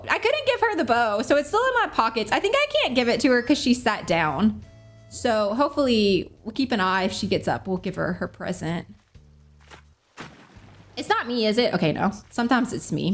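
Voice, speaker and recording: Bubbly young woman streamer, lively pitch. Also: normal speed, soft background music. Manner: bubbly, apologetic, giggly, chatty. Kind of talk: casual gameplay chat.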